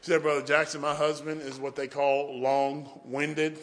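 A man's voice: a little high, moderate pace. A man telling a story in a sermon, acting out the voices of the people in it. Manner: animated storyteller, acts out quotes. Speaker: preacher. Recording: echoey hall.

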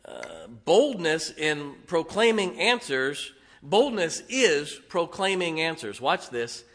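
A man's voice: a little high, a bit bright. A man preaching a sermon in a conversational, emphatic way, chuckling and acting out little quotes as he goes. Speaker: pastor.

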